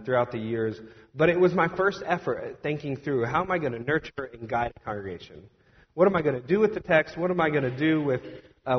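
A young adult man preaching a storytelling sermon as a pastor, conversational and animated, with plenty of fillers. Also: medium pitch. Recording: dull sound with long hall reverb.

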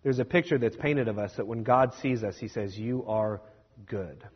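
A young man preaching a sermon as a pastor, conversational and self-deprecating, with quick asides. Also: mid-range voice, breathy edge, in a large hall, lo-fi sound.

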